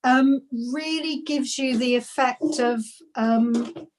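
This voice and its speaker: A woman's voice: sits high, slow pace, background noise. A woman knitwear designer chatting on a video call, gushing and rambling with lots of restarts. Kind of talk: casual live video chat.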